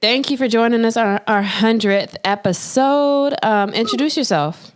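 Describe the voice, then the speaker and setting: A woman co-hosting a podcast in casual chat, playful and quick to laugh, with loose slang. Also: a little high, clean tone. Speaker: podcast co-host.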